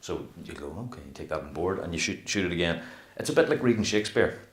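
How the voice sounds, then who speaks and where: Deep-voiced man in an echoey room. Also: fast. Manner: animated, rambling, acts out quotes. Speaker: actor and interview guest. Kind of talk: casual interview talk.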